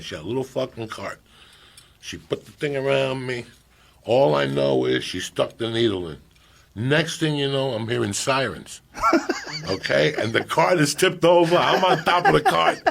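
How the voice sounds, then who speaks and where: A middle-aged man with a rough, fry-laden, husky voice spins a profane comic story. He drops to hushed tones and then shouts the punchlines. The pitch sits in a middle range. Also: moderate pace. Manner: loud animated storytelling, swings between hushed and shouting. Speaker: storyteller guest on a podcast.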